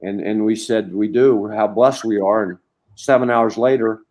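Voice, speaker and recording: A man's voice: on the low side, normal speed. A middle-aged man, a former college basketball coach, telling long anecdotes as a podcast guest with lots of restarts. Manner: rambling, animated anecdotes with many restarts. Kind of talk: storytelling in a conversation.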